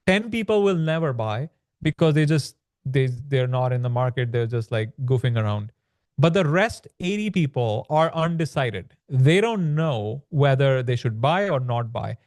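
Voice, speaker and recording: Smooth-voiced man explaining on a podcast. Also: on the high side, darkish tone, no room sound, clean studio sound. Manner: explanatory, peppers speech with "like" and "right?". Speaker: podcast guest, land business author. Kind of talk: conversational podcast interview.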